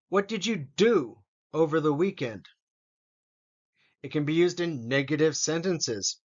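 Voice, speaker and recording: A man teaching an English grammar lesson, slowly reading out example sentences. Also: fairly high pitch, fairly bright tone, highs cut off. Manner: slow, deliberate, reads example sentences aloud.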